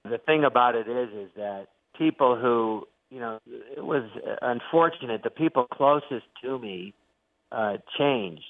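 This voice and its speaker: An older man, a comedian being interviewed, telling stories in an animated way and acting out the voices he quotes. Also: mid-range voice, measured pace, no room sound. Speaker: guest comedian. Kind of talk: interview storytelling. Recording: tinny phone-like line, dry.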